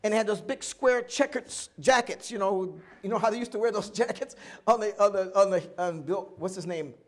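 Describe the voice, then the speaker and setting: An older man with a notably high voice tells stories from his life at a live oral history event. He talks animatedly, slips into the voices of the people in his tales and laughs easily along the way. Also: brisk. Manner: animated storyteller acting out other people's lines, often laughing. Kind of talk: live storytelling talk.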